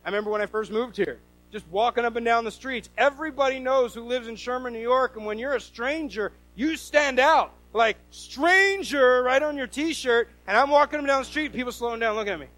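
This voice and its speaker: Animated high-voiced male preacher. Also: quick pace, soft background music, poor audio. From US Northwest. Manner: animated storytelling with quoted voices. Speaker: pastor. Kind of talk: sermon.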